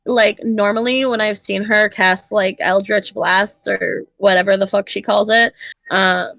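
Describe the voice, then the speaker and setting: A woman's voice: mid-range voice, steady tone, unhurried, gravelly, a bit bright, no echo, rough recording. A woman player in a tabletop role-play stream, rambling casually with lots of fillers.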